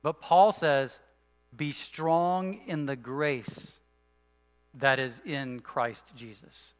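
A man preaching a sermon as a pastor, earnest, moving between emphatic and hushed delivery. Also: medium pitch, very slow, big-room sound.

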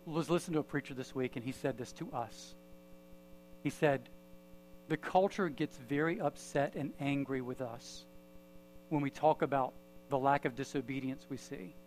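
A man's voice: mid-range voice, darkish tone, slight background noise, low-quality recording. A man preaching a sermon as pastor, telling a story and leading a prayer in a church. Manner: storytelling with pauses, then prayer.

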